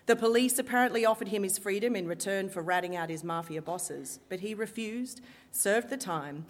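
A woman performer telling a true story in a lively, wry way with dramatic pauses. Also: medium pitch. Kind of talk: live storytelling. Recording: long hall reverb.

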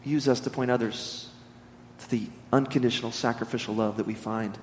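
A man preaching a sermon, telling stories in an animated, humorous way. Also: mid-range voice, fairly quick, a little hiss or hum. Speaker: pastor. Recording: echoey hall reverb.

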